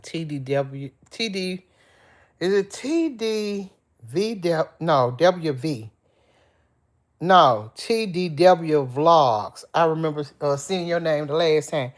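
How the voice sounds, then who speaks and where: A middle-aged woman talks to her live viewers in a soft, tearful, emotional way, venting to them in an easy, chatty manner. She addresses the audience as y'all and reads their comments aloud between her own thoughts. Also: on the low side, lively intonation, slow pace. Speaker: vlogger on a livestream. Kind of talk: casual live-stream chat, reading out comments.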